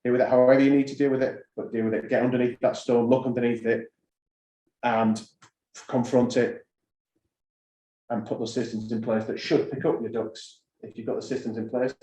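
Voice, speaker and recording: A middle-aged man giving a talk at a conference of school heads, telling stories from his career in a relaxed, conversational way. He drives points home by repeating short phrases. His mid-pitched voice carries the roomy echo of a hall. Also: a little fast. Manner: anecdotal, conversational, repeats key phrases for emphasis. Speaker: school head giving an address.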